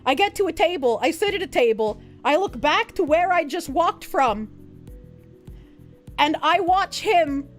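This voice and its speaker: A woman streamer telling a story in a casual, animated way, swearing, laughing and mocking the people she quotes. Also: sits high.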